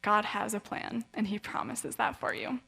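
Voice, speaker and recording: A woman's voice: medium pitch, fairly even intonation, moderate pace, gravelly, sharp tone, breathy edge, soft background music. Earnest woman speaker in an echoing hall. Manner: earnest, encouraging, casually conversational. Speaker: guest speaker and author. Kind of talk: inspirational faith talk with a read-aloud story. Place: event hall. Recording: long reverb of a large hall.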